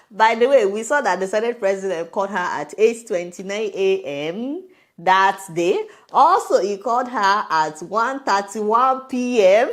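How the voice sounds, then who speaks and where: A woman with a Nigerian accent giving an animated, mocking commentary on a video, often exclaiming in disbelief. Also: mid-range voice.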